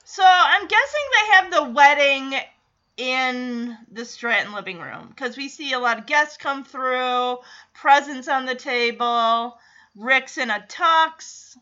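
A high, bright woman gushes through a casual TV episode recap, laughing and acting out each character's lines as she goes. Her voice rings sharp and lively. The recording sounds a touch muffled. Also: takes it slowly.

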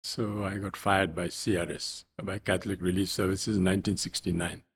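An older man from India recounts his past in a relaxed, wry voice, his phrases often fading off softly at the ends. His voice is husky and sits somewhat low. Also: fairly quick. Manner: anecdotal, wry, trailing off softly. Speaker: interview guest. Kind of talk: storytelling in conversation.

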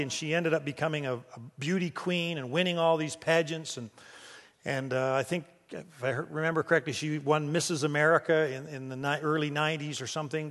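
Man preaching a story-filled sermon in a church. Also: on the high side. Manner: storytelling, with frequent restarts. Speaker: pastor. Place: church sanctuary. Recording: church hall reverb.

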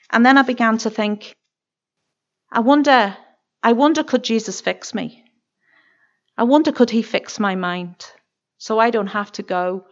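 A woman's voice: fairly high pitch, muffled recording. A woman with a Northern Irish accent giving an earnest, emotional personal testimony in church, often stopping and restarting her sentences.

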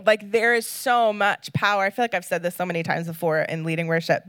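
A woman's voice: mid-range voice, fairly bright tone, no room sound. A woman guest speaker giving an earnest, emotional sermon, reading scripture and talking casually with fillers.

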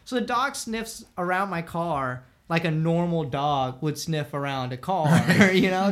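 High-voiced man telling a lively story. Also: measured pace, few pauses. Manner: animated, acts out both sides of the story, laughs between lines. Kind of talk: casual storytelling chat.

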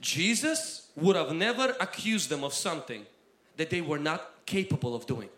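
Male preacher, high-pitched and impassioned, delivering a sermon in a roomy, echoing space. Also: expressive, normal speed. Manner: impassioned, swings between loud exhortation and quiet asides. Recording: roomy echo.

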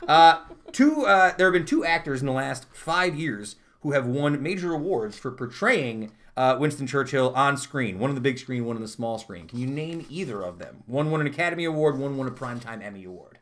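A man's voice: mid-range voice, lively intonation, a little fast, a bit bright. A man co-hosting a podcast in casual chat, reading trivia aloud and breaking off into joking asides. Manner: chatty, jokey, reads trivia aloud with asides. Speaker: podcast co-host.

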